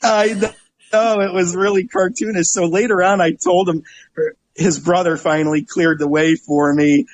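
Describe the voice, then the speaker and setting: A middle-aged man with a slightly high voice tells stories in a relaxed interview. He acts out the people he describes and laughs often. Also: moderate pace, slight background noise, rough recording. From Northeast Ohio. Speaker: guest, travel website owner. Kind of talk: casual storytelling interview.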